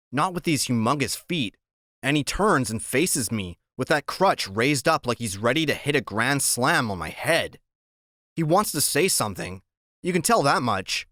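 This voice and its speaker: A man reads a first-person audiobook in a casual, plain-spoken way. His voice is bright and forceful, with an animated melody. The studio sound is dry and close to the microphone. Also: medium pitch, no echo. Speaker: audiobook narrator.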